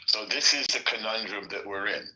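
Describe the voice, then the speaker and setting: Male podcast host, measured and emphatic, lowish voice with a bright sharp edge. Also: low-quality recording. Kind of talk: casual political discussion.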